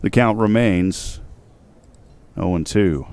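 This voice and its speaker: A man giving steady, measured baseball play-by-play commentary as the announcer. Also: clean tone. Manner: steady, measured calls of each pitch.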